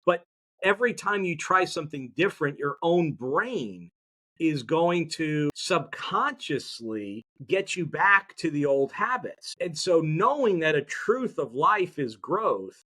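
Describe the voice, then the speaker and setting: Upbeat male interview guest, expressive and slightly high-pitched, coaching tone. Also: slow, slightly rough. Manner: energetic, motivational, audience-engaging. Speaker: podcast guest, mindset educator. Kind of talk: conversational interview.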